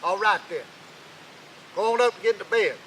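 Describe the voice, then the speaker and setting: A man voicing a stingy, bossy old male king who barks his words in a raised, high voice. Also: lively intonation, a little fast, a little hiss or hum, rough recording. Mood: curt. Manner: loud, barking, high-pitched.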